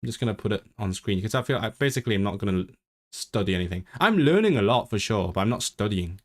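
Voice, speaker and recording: On a desk mic, a native English-speaking man talks fast in a voice on the low side. He's livestreaming casually about learning languages, restarting his thoughts often, reading chat, and trying learner's Welsh with a lively lilt.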